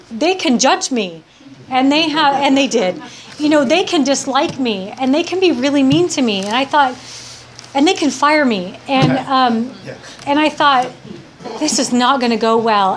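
A woman's voice: high voice, slight background noise. A woman giving a heartfelt personal testimony to a live audience, rambling with many restarts. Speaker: speaker sharing her recovery story.

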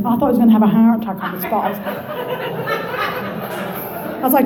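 A woman with an Irish Midlands accent telling her story at a recovery meeting, lively and joking. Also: fairly high pitch, fast talker, pauses often, reverberant, a crowd in the background, low-quality recording. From Ireland. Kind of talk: personal testimony to an audience.

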